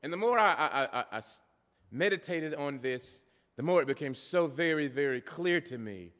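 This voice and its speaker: A man's voice: on the high side, expressive, moderate pace, fairly bright tone, big-room sound. A man preaching a sermon as pastor, driving points home through repetition and often restarting a phrase.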